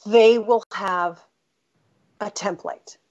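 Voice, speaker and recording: Speaking very slowly with fairly even intonation, this medium-pitched, slightly mellow woman is a middle-aged American author being interviewed as a guest. She shares a personal story candidly and emphatically, frequently stopping mid-sentence to start over, on a dull lo-fi recording.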